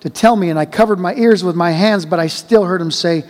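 A man with a notably high voice reads a child's story aloud, slow and gentle. Each sentence is measured and unhurried. A long hall reverb trails behind his words. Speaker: reader.

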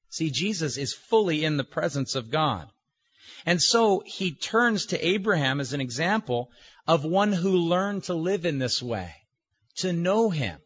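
A male pastor preaching in a slow, emphatic way, leaning on his words with deliberate pauses. His voice is husky and sits a little high for a man, and the recording sounds dull and lo-fi. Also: sing-song, a bit bright. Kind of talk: sermon.

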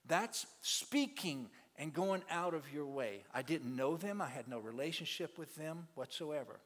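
A South Louisiana man, a ministry teacher, gives his testimony to a church audience in an auditorium with long hall reverb. His voice is fairly high and a bit bright, and he tells it earnestly, stumbling and repeating words.

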